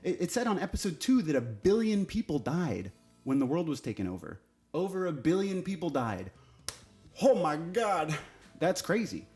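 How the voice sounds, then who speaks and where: A man's voice: on the high side, very animated, fairly quick, dark tone, soft background music. A man giving a casual, sarcastic and exasperated TV review, swearing now and then.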